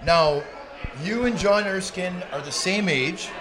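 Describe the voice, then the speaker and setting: A man with a high voice hosts a live podcast taping, eager and affirming as he leads with questions. A crowd murmurs clearly behind him in a sports bar. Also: slow pace. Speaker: podcast host. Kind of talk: casual interview chat.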